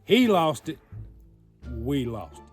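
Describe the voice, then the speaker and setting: Man, folksy storyteller, very slow, drawn-out delivery. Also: mid-range voice, big pitch swings, faint music behind. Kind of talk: casual storytelling.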